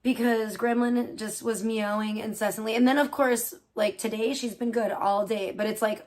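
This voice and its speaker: A young woman talks loosely on a late-night live stream, her voice sitting a little high. She rambles from one thing to the next with constant fillers and throws in casual swearing. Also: steady tone, normal speed, darkish tone.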